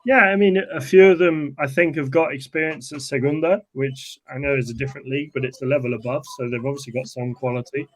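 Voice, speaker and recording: A man co-hosting a football podcast, giving measured, cautious opinions. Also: mid-range voice, steady tone, rough recording. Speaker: podcast co-host. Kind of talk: casual football podcast chat.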